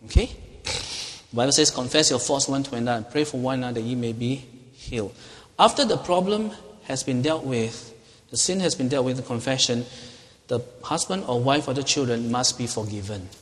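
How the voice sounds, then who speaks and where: A middle-aged male pastor preaches in a conversational way, often turning to the congregation with rhetorical questions. His voice sits at an ordinary pitch for a man. It carries a long reverb, as if it was recorded in a church hall. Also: a little fast. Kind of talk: sermon.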